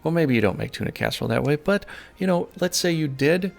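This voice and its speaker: A man's voice: on the high side, lively intonation, fast talker, gravelly. A man giving casual, rambling strategy commentary over a game, folksy and prone to correcting himself mid-thought. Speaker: gameplay commentator. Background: faint game music.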